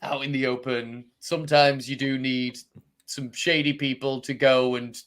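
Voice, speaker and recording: A man's voice: mid-range voice, little pitch movement, a little slow, fairly bright tone. A man co-hosting a podcast in casual chat, hesitant and full of restarts. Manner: hesitant, lots of restarts and fillers. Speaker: podcast co-host.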